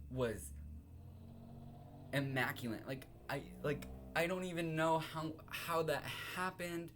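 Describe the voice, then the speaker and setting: A young man in a casual storytime vlog, talking in an animated, self-consciously dramatic way, laughing often and saying like a lot. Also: a little high, a little slow, slight background noise. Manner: filler-heavy, says like a lot. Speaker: vlogger.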